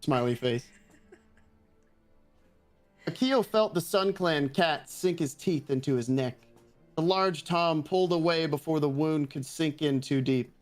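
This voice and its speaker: Slightly high man reading hesitantly. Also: unhurried, pauses often. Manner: hesitant, with many uhs. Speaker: guest reader. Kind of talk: reading a fan roleplay aloud. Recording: faint music behind.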